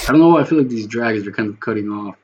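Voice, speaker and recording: A man's voice: fairly low pitch, very fast, lo-fi sound. A man who produces music, talking casually and rambling as he builds a beat, swearing now and then and humming the rhythm. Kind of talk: casual talk while making a beat.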